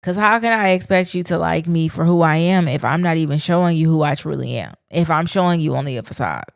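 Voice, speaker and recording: A woman's voice: low-pitched, expressive, quick pace, vocal fry, no echo, clean studio sound. A woman hosting her own podcast, talking candidly and casually in a reflective solo monologue, with slang. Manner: candid, conversational, speaks her mind with slang. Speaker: podcast host.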